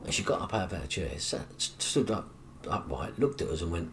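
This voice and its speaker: A middle-aged man, his voice sitting very low. He tells his story as a guest in an interview, acting out the dialogue with plenty of swearing. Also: a little fast, slight background noise. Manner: animated, acts out quoted dialogue with coarse swearing.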